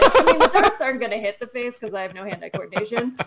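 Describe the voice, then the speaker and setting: Female guest on a video call, quick and bubbly, self-mocking, slightly high voice. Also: big pitch swings, gravelly, a bit bright, a little hiss or hum. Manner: fast, bubbly, joking, self-deprecating. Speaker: guest, literacy nonprofit leader. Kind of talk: casual interview chat.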